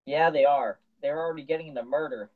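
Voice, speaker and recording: A man's voice: a little high, fast, phone-quality sound. A man co-hosting a casual podcast chat, laid-back with short replies. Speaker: podcast co-host.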